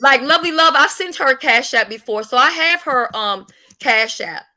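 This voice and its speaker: A woman hosting a casual live-stream chat, blunt, profane and animated. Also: high voice, moderate pace. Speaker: livestream host.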